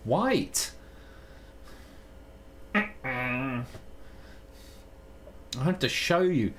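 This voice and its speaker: Slow, musing man coding out loud. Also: medium pitch, expressive, a little hiss or hum. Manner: halting, self-interrupting, muttering while working. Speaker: live streamer, programmer. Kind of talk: live coding stream, thinking aloud.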